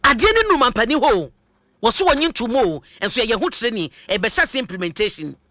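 A radio host delivering commentary in a bright, forceful voice, with pitch that swings widely. The delivery is emphatic and full of rhetorical questions. The sound is close and dry, as from a studio microphone. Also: big pitch swings, fast talker, dry recording.

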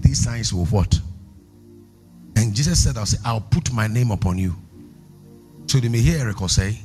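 A man's voice: lowish voice, warm tone. A man preaching a sermon as a pastor, emphatic and calling for responses from the congregation.

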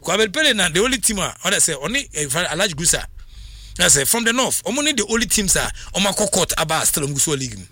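A man talking football on sports radio, animated and full of halting restarts. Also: sits high, no echo. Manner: animated, mixes Twi and English, halting restarts. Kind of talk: sports talk radio chat.

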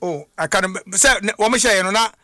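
A man, a football coach, chatting casually on a talk show and telling stories with lively asides. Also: sits high, moderate pace, no echo, studio quality. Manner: animated storytelling, repeats "What I say?". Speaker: football coach, studio guest.

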